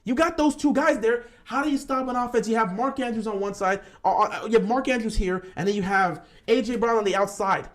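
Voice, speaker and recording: A man's voice: high voice, fairly quick, few pauses. A man hosting a live-stream football talk show, greeting viewers and arguing his points animatedly.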